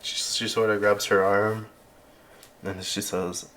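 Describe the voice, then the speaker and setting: A man runs a tabletop game in a slow, low-pitched voice. He narrates casually and haltingly, often restarting his sentences. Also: level tone, a bit bright, slight background noise. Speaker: game master.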